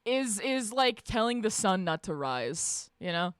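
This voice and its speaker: A woman streamer chatting casually with her live chat, swearing freely, laughing often and shouting out greetings. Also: mid-range voice, big pitch swings, a little slow, smooth, no echo, studio quality. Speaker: livestreamer reading and answering chat.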